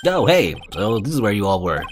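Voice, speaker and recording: A man's voice: fairly low pitch, big pitch swings, a little fast, over music. A man voicing a clumsy, good-natured male detective in a game, talking eagerly.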